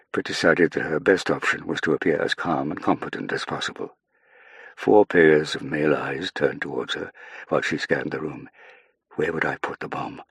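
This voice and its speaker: A man reads an audiobook in a measured, even storytelling voice. His voice is extremely low, with a husky grain. The recording is dry and close, with no room around it. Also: no room sound. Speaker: audiobook narrator. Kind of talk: scripted narration.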